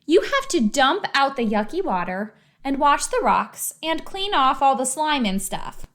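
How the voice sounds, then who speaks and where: A woman's voice: sits high, big pitch swings, a little slow, a bit bright, exaggerated voice. A woman voicing a bossy, confident young girl who talks in a breezy, teasing way.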